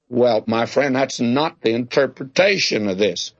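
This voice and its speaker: A man's voice: medium pitch, no room sound, muffled recording. Older man teaching a folksy Bible sermon. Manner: homespun, conversational, drawn-out emphasis on key words. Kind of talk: folksy sermon with humorous anecdotes.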